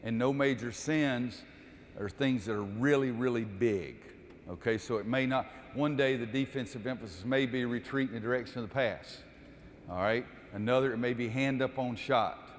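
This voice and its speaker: A man's voice: mid-range voice, normal speed, slight background noise. A man running a basketball coaching clinic, calling out cues during drills and explaining the defense to the audience. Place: gym. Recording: echoey gym with long reverb.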